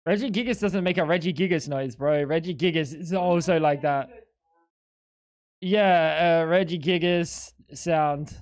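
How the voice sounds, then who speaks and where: Excitable, foul-mouthed streamer talking to chat. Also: medium pitch, a little slow. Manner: excitable, profane, self-mocking banter. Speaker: live streamer. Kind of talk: live-stream gaming commentary to chat.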